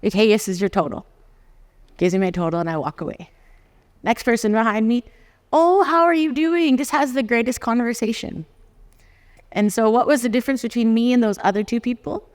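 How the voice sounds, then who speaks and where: In a conference hall with long, echoing reverb, a fortysomething Canadian lawyer delivers a talk full of personal anecdotes. Their mid-range voice moves fairly quickly as they act out conversations with lively energy and frequent laughs.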